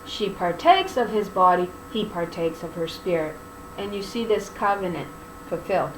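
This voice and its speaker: A woman's voice: on the low side, animated, moderate pace. A woman teaching scripture in an emphatic preaching style, mixing colloquial, sarcastic asides into her reading. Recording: echoey room with faint hum.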